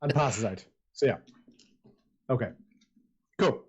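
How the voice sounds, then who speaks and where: A man's voice: medium pitch, slow pace, slight background noise. A man narrating as dungeon master of a tabletop game, chatty and rambling, often restarting his sentences. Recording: slightly dull lo-fi audio.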